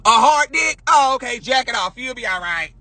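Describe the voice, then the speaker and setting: Loud, sassy man streaming from home: high, bright voice that swings widely, cuts in with quick profane comebacks. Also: expressive, no room sound. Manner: loud, projecting, sassy, profane, laughs often. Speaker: livestream host. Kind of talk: casual livestream rant.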